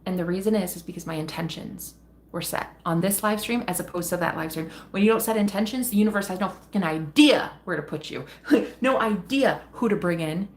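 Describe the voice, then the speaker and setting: A woman's voice: on the low side, brisk. A woman chatting on a tarot live stream, reading out viewer comments in a casual, affectionate way, calling viewers sweetheart and honey, laughing often and swearing freely.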